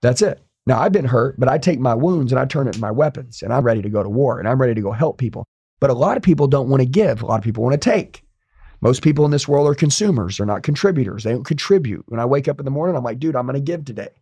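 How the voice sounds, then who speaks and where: Man, interview guest, rapid and profane motivational talk, husky and dark-toned. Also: mid-range voice, expressive. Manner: intense, blunt and profane.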